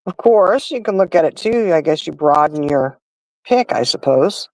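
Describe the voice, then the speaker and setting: A woman's voice: deep voice, lively intonation, moderate pace, a little mellow, dry recording, low-quality recording. A middle-aged woman hosting a livestream and chatting casually, telling stories straight to her viewers. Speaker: livestream host. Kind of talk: casual chat.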